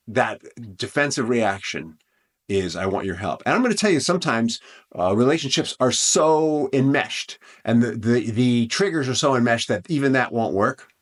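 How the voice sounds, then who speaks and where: Sounding lowish yet fairly bright, the host of a relationship podcast chats in a sincere, conversational way. He often restarts his sentences and drifts into asides.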